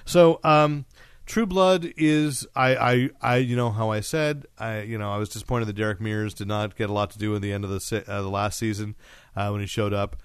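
A man co-hosting a podcast, chatting casually about TV shows in a rambling, animated way with lots of fillers and restarts. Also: lowish voice, normal speed, clear, resonant tone, no room sound, studio quality. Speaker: podcast co-host.

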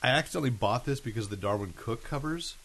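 A man's voice: medium pitch, animated, fast talker, a bit bright. A man co-hosting a podcast, chatting casually about comics, often stopping and restarting his sentences. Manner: rambling, self-interrupting. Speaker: podcast co-host. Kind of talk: casual chat.

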